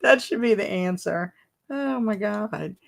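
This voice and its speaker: Slow-talking giggly woman hosting a live stream. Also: medium pitch, expressive, vocal fry. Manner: giggly, reads chat comments aloud, laughing fits. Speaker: livestream host. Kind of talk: casual live-stream chat.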